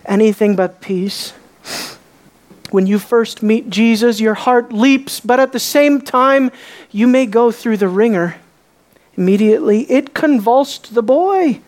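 A woman preaching an emphatic, higher-pitched sermon. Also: a little slow. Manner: emphatic, asks the congregation rhetorical questions; swings between soft low asides and raised exclamations.

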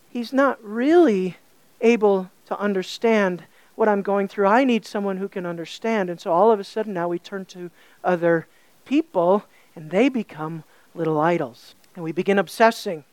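A woman's voice: medium pitch, normal speed, darkish tone, no room sound. A woman preaching a sermon, emphatic, with rhetorical questions and building repetition.

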